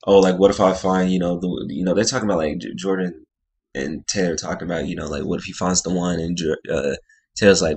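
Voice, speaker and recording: A man's voice: low-pitched, steady tone, quick pace, husky. A man casually recapping a reality TV episode, rambling with lots of fillers, restarts and slang.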